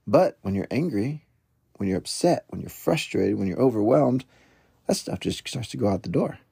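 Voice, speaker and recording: A man's voice: medium pitch, animated, moderate pace, creaky, warm tone, husky, no echo, studio quality. A man in his thirties, a parenting coach, telling a rambling, self-deprecating story in a casual podcast, with many fillers and restarts.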